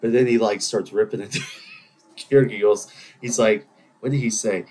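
With a lowish, darkish voice, fairly even intonation, and normal speed, a man of Greek heritage carries his own podcast solo over a faint hiss or hum. His casual talk is rambling and self-deprecating, peppered with playful voices.

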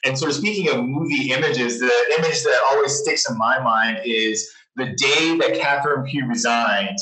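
A man's voice: medium pitch, moderate pace, few pauses, pushed and bright. A man who works as a newspaper journalist tells a story in a casual interview, rambling with many restarts and frequent laughs. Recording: roomy distant mic.

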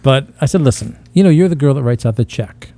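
Male podcast co-host, dark mellow tone, boastful and rambling, crude self-mocking humor. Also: mid-range voice, animated, quick pace, dry recording. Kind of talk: casual crude comedic banter.

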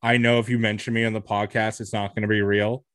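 A man's voice: fairly low pitch, little pitch movement, fast, a bit bright. A single man co-hosting a podcast in casual chat, rambling with lots of fillers. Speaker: podcast co-host.

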